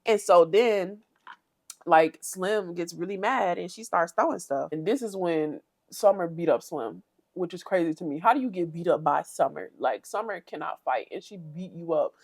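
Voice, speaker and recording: A woman giving a casual, chatty recap of a reality show, often imitating the cast in a higher voice. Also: normal speed, no room sound. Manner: chatty, animated, mimics cast members in high voices.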